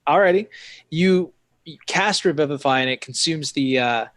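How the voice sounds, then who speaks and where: A man runs a tabletop fantasy game, narrating casually with lots of fillers. His voice sits slightly high, and he talks in a relaxed, easygoing way. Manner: casual, halting, many fillers. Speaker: game master.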